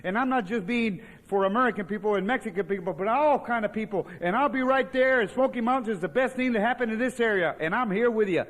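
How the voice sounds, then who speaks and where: A wrestler talks fast and earnestly, inviting fans to come see him. His voice is high. It rings in a long echo, heard from a distance. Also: a bit bright. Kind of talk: wrestling promo.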